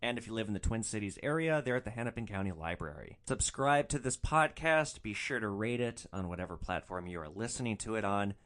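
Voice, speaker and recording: Man, podcast host, storytelling, wry, deadpan, lively pitch. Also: a little fast, hardly any pauses. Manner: wry, deadpan, dryly sarcastic. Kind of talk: first-person storytelling podcast.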